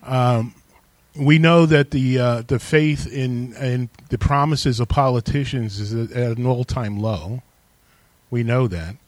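A man's voice: medium pitch, slow pace, dry recording. A man preaching a sermon as pastor, emphatic and calling on the congregation to respond.

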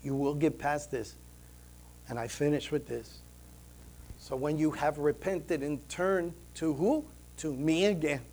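A man preaching to his congregation in an earnest, storytelling way, his voice sitting a little higher than most men's. He swings between loud, emphatic passages and hushed, quiet ones, while soft instrumental music plays faintly behind him. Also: unhurried. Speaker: pastor. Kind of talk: sermon.

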